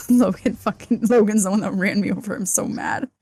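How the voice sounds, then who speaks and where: A woman's voice: medium pitch, dark tone, breathy edge, no echo. Chatty laughing woman, dry close sound. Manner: laughing, swearing freely, chatty. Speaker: player. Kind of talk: casual tabletop play.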